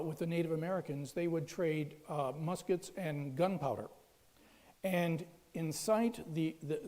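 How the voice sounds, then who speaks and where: A man's voice: a little high, warm tone. A man giving a public history lecture in a storytelling way, with frequent restarts and fillers. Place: lecture hall. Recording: long hall reverb.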